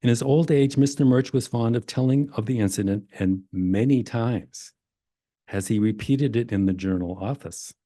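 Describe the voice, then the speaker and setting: An older man from Maine giving a relaxed genealogy talk in a library, reading old records aloud with self-deprecating asides. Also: mid-range voice, normal speed, dry recording, studio quality. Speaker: genealogy presenter. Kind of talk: library presentation to a society audience. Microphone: presenter mic in a library meeting room.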